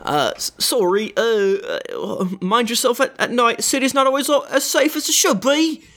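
A woman's voice: on the high side, normal speed, a bit bright. A woman playing a tabletop game, describing her character's actions. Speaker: player. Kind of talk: casual tabletop game play.

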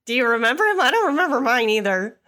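A woman's voice: a little high, very animated, quick pace, sharp tone. A woman voicing a blunt young adventurer who resents royals, in a tabletop role-play. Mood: teasing. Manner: blunt, curt. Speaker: player.

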